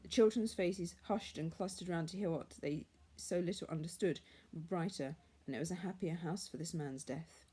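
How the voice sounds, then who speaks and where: Woman reading a classic tale aloud, measured and hushed, mellow low voice. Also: husky. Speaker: reader. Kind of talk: storybook reading.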